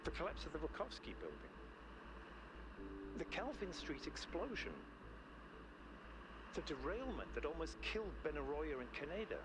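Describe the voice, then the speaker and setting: An earnest robot scientist. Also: male voice, fairly high pitch, sing-song, normal speed, long pauses, very noisy. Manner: earnest, persuasive. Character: earnest male robot scientist urging progress.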